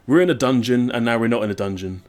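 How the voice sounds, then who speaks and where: A young English man with a southern English accent giving casual, rambling let's-play commentary, self-mocking and quick to swear. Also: medium pitch, sing-song, darkish tone. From English Midlands. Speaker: gaming YouTuber.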